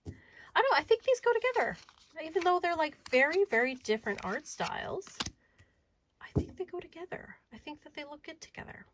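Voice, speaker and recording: An adult woman showing off her tarot and oracle decks in a casual video, chatty and enthusiastic, sometimes dropping to a soft murmur. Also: very high-pitched, very animated, a little fast, slight background noise, poor audio. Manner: chatty and enthusiastic, drifting to soft murmurs while handling cards. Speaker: tarot reader and deck reviewer. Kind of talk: casual show-and-tell video.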